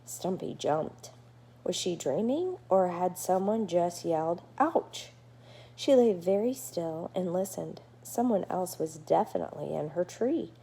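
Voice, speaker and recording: A woman teacher reading a chapter book aloud to her class, gentle and explanatory. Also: fairly low pitch, animated, a little slow, vocal fry, slightly rough.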